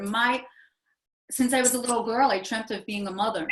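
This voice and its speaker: A woman in her forties with a fairly high voice tells a personal story as an interview guest. She talks earnestly and rambles, with fillers and restarts, in an echoey room. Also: a little fast, fairly bright tone.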